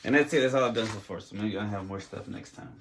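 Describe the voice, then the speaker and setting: A lowish-voiced man talks fast over a slight hiss or hum. Hosting his own podcast, he rambles casually, jittery from coffee, piling up fillers and restarting his thoughts.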